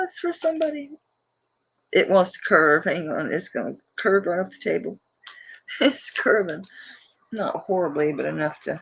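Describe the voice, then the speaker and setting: A woman's voice: on the low side, slight background noise. A woman hosting a live jewelry auction, chatting casually and rambling, laughing often as she shows pieces. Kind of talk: casual live-stream selling chat.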